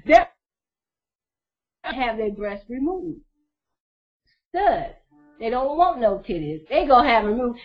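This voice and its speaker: High-voiced woman, blunt and profane. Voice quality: profane, blunt, laughs often. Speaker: vlogger. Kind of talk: casual storytelling to camera. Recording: dull lo-fi recording.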